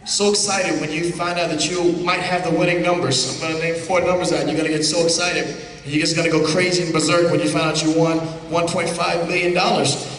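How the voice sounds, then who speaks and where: A man's voice: on the high side, flat delivery, brisk, fairly bright tone. A man working as a stage hypnotist, giving brash, commanding, teasing patter to volunteers in a live comedy show. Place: large hall with audience. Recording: echoey hall recorded from far off. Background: crowd noise.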